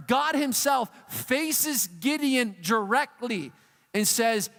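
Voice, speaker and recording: A man preaching a youth sermon in a casual, animated, slangy way. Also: high-pitched, slow pace, vocal fry. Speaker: youth pastor. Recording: long reverb of a hall.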